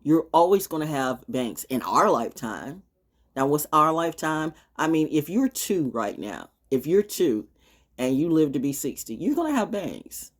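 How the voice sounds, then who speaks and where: A woman's voice: low voice, very animated, moderate pace. A middle-aged woman hosting a talk show, rambling in a casual monologue, laughing often.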